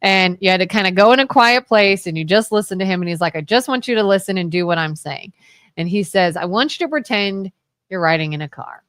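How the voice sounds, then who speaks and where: A woman co-hosts a local talk radio show and chats casually into a close mic. Her pitch sits in the middle for a woman. She rambles through animated stories, and the studio sound is dry. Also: clear, resonant tone, no echo. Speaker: co-host.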